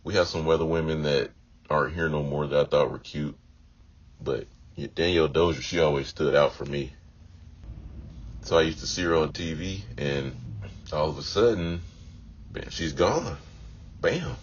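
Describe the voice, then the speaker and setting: A man's voice: extremely low pitch, moderate pace, long pauses, breathy edge. A man talking in a casual, meandering monologue, often repeating himself and leaning on "you know.". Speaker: vlogger. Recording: dull lo-fi audio with faint noise.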